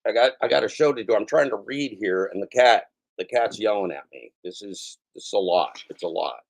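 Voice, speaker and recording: Animated and a little fast, a middle-aged podcast host with a creaky voice on the low side tears into the news with crude mockery. His throat is scratchy and his voice exhausted from daily shows as he delivers this profane comedic riff.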